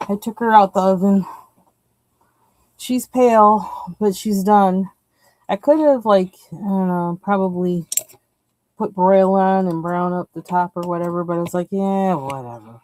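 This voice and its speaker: A woman's voice: medium pitch, unhurried, a little mellow, low-quality recording. A woman hosting a coloring livestream, chatting casually and rambling while she picks colors. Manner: chatty and rambling, laughs often, trails off while searching for colors.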